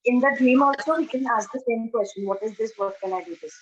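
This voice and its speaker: A woman on a group video call, asking slow, searching questions. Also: a little high, slightly rough, dull audio.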